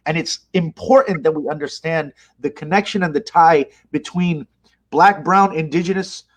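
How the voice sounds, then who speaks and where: Impassioned man, fairly high voice. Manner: impassioned, emphatic, animated retelling. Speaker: interview guest, mosque leader. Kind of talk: conversational interview.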